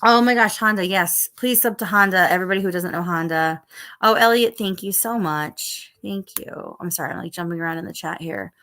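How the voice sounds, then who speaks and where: A tired woman in middle age, chatting casually on a live stream with a rather low voice. She rambles from topic to topic and stops to answer the chat. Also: a little fast, a bit bright. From Northeast United States. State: tired, yawning. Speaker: livestream host.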